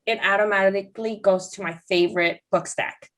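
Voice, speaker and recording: A woman's voice: mid-range voice, steady tone, a little fast. A woman hosting a book podcast, asking questions and reacting briefly in a friendly way. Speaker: podcast host. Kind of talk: casual podcast interview.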